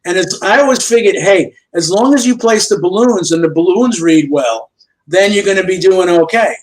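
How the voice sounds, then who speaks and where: An older man, a guest comic book artist, telling lively anecdotes and acting out the dialogue of people he worked with. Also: high voice, normal speed, low-quality recording. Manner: lively storyteller who acts out quoted dialogue. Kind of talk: storytelling anecdotes in a chat show interview. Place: remote video call.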